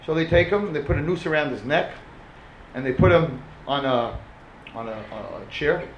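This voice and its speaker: A man giving a dramatic storytelling talk as a religious speaker, animated and mixing in Hebrew and Yiddish terms. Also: on the high side, normal speed, muffled recording, slight background noise. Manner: animated, rising to impassioned shouts. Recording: roomy echoing room.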